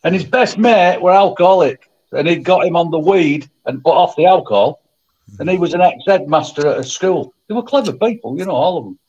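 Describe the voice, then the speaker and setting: A husky man fondly recalls his younger days, relaxed and nostalgic. His voice sits a little high. The recording sounds dull and muffled. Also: a little fast. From England. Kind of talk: casual chat.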